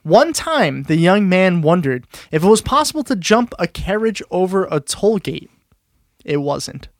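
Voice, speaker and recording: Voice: mid-range voice, big pitch swings, a little slow, no echo, clean studio sound. A podcast host in casual chat who reads a history story aloud, amused and often breaking into laughter.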